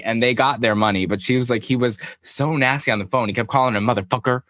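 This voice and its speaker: A man trades celebrity gossip with his co-hosts, telling long stories with plenty of swearing. His voice sits at a middling pitch. The sound is close and dry, with no room around it. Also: quick pace, hardly any pauses, no echo. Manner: animated, profane storytelling. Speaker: podcast co-host. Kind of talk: casual gossip chat.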